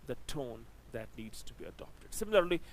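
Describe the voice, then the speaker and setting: A man teaching a grammar lesson, stressing each example sentence slowly and now and then slipping into Hindi. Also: mid-range voice, sing-song, creaky, a little hiss or hum, low-quality recording. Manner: slow, emphatic delivery with drawn-out example sentences; code-switches into Hindi to explain. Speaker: English teacher.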